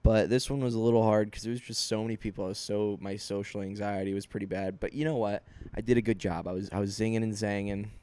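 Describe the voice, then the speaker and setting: A man's voice: fairly low pitch, fairly even intonation, quick pace, few pauses, dark tone, clean tone. Rambling self-deprecating young man. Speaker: comedian and podcast host. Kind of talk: casual confessional storytelling.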